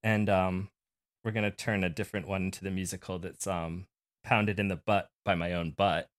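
A man's voice: low-pitched, little pitch movement, moderate pace. A man co-hosting a podcast in casual chat, laughing often as he talks. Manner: giggly, laughs often while talking. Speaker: podcast co-host.

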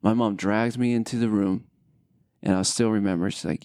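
Gravelly man telling a family story. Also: lowish voice, fairly even intonation, normal speed, a little mellow, no echo, studio quality. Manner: storytelling, candid and reflective. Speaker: podcast host. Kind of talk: casual family chat.

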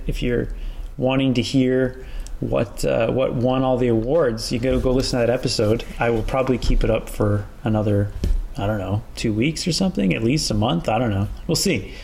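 Gravelly male podcast host, rambling joker, laughs a lot. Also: mid-range voice, darkish tone, a little hiss or hum. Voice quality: rambling, joking, laughs often. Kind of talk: casual podcast chat.

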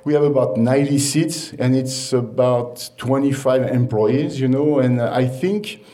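A chef and restaurant owner giving an informal talk to an audience, halting with many fillers and restarts. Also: male voice, mid-range voice, dark tone. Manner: storytelling, laughs at own anecdotes.

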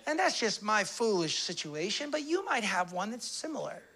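A man preaching a sermon as pastor, impassioned, swinging between hushed confession and loud declarations. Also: sits high, big pitch swings, moderate pace.

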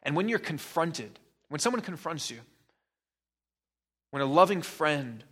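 A man's voice: a little high, very animated, measured pace, a bit bright. A man preaching a sermon as pastor, pressing the listener with probing rhetorical questions and emphatic repetition.

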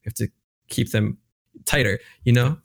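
A man in casual chat who explains things in a relaxed way, filling his talk with "like". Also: mid-range voice, a little slow, creaky. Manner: explains in a relaxed way with many likes.

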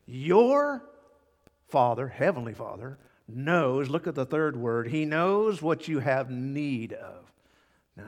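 A man preaching a sermon as pastor, emphatic, repeating key words and swinging between loud and hushed. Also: fairly high pitch. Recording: long hall reverb.

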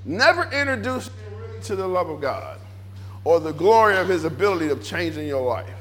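A pastor delivers a sermon in church with a high, lively voice whose pitch swings widely, talking a little fast. He's animated, piles up repeated phrases, and acts out back-and-forth dialogue in character.

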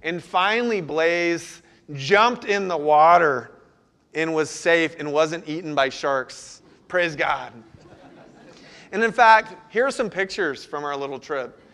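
Male pastor, slightly high voice, earnest sermon delivery with pleading prayer lines. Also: takes it slowly, a bit bright.

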